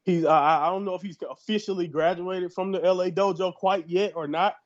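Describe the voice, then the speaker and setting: A man from the United States co-hosting a podcast in casual chat, rambling and animated with many restarts. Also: high voice, a little fast, muffled recording. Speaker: podcast co-host.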